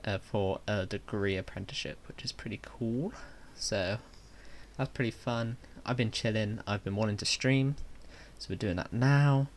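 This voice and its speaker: A man's voice: lowish voice, moderate pace, a little hiss or hum. A young man chatting casually with viewers on a live game stream, friendly and talkative.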